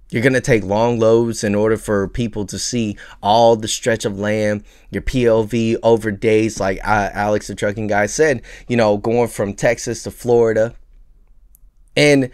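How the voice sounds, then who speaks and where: A man's voice: on the low side, no echo, clean studio sound. A man with a New York accent, a truck driver vlogging casually to camera, stammering and restarting as he rants. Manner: animated, stammering restarts, mocking put-on voices. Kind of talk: casual vlog rant. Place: truck cab.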